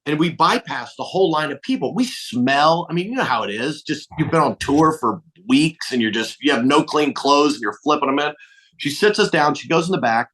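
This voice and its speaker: A man's voice: on the high side, lively intonation, a little fast, fairly bright tone. A middle-aged male comedian telling stories in casual chat, acting out the dialogue and swearing lightly. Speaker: comedian guest. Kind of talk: casual storytelling.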